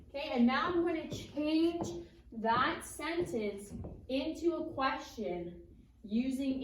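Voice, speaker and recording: Woman teacher, slightly high voice, slow and deliberate, whiteboard lesson, echoey classroom from a distance. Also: a little hiss or hum. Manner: slow, deliberate, with exaggerated rising question pitch. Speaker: French teacher. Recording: echoey room, recorded from a distance.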